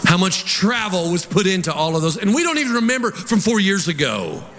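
A pastor's high-pitched, sing-song voice moves a little fast as he preaches to his congregation, peppering them with rhetorical questions between stories. Recorded in the church sanctuary, the audio carries crowd noise, audible listeners, and long hall reverb.

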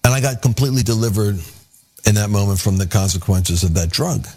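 A man's voice: fairly low pitch, a little fast, breathy edge. A man in an interview, earnestly telling his conversion story and acting out the dialogue as he goes. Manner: earnest, animated storyteller who acts out the dialogue. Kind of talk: conversational testimony.

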